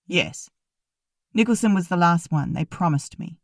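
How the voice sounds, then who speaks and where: A woman's voice: on the low side, animated, measured pace, vocal fry, dry recording, studio quality. A woman voicing a worried older male doctor. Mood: insistent.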